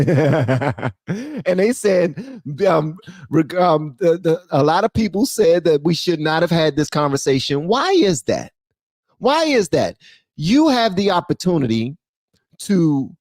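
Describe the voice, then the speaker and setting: Casual guy reacting on a livestream, repeats himself a lot, kinda high voice, dry mic. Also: no echo. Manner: casual, animated, repeats phrases. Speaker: host.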